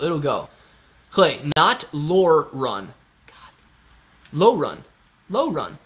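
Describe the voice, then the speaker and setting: A man's voice: fairly high pitch, fairly bright tone. A man hosting a casual livestream, joking around and answering viewers' comments by name. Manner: joking, loose, talks to chat by name. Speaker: livestream host. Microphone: phone used as webcam.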